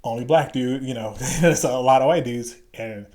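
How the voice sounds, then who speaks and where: A man's voice: mid-range voice, normal speed. A middle-aged man from Chicago, a former Green Beret guest telling stories in a casual interview and acting out the people he quotes. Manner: animated storyteller, acts out quoted voices.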